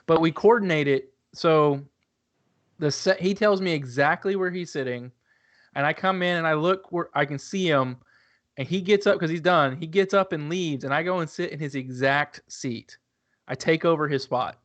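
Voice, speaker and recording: A man in his thirties co-hosts a podcast and acts out the quotes in his stories. He has a laid-back manner and a voice that sits a little high for a man. The recording is dry and close. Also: normal speed, no room sound. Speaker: podcast co-host. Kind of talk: casual storytelling.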